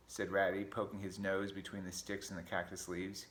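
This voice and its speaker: A man reading a picture book aloud to children, relaxed and chatty, pausing to talk about the pictures. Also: deep voice. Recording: echoey room.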